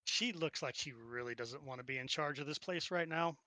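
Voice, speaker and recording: A playful game master man narrates and teases his players with a bright, forceful voice. The sound is dry and close, pitched a bit high. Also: fairly quick, no echo. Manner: playful, laughing. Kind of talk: running a tabletop game.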